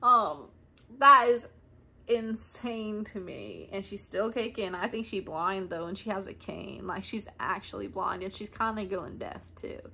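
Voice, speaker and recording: A woman's voice: mid-range voice, expressive, measured pace, creaky, bright, forceful tone, slightly rough. A woman in her twenties telling a rambling family story to camera, chatty and laughing often. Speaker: vlogger. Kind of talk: casual storytime monologue. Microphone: camera mic.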